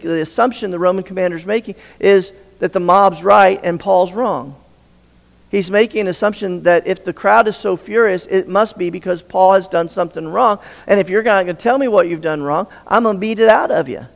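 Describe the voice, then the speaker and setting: A man's voice: high-pitched, gravelly. A male pastor preaching a sermon, retelling a story and putting questions to the congregation. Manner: storytelling, asks the audience questions. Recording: long hall reverb.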